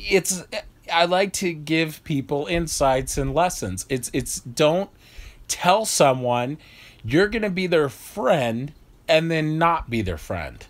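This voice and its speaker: A man's voice: fairly high pitch, animated, slow pace. A man vlogging in a blunt, heated, profane rant. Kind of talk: ranting monologue.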